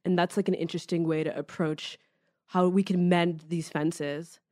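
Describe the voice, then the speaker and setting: A woman's voice: fairly low pitch, steady tone, normal speed, darkish tone, dry recording, clean studio sound. A young adult woman guesting on a podcast, agreeable and thoughtful in casual chat.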